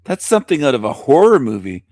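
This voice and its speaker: A man's voice: mid-range voice, sing-song, fast, darkish tone, no room sound, studio quality. A man hosting a talk show, ranting bluntly and scornfully with lots of profanity and repetition. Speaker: show host. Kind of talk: ranting commentary over clips.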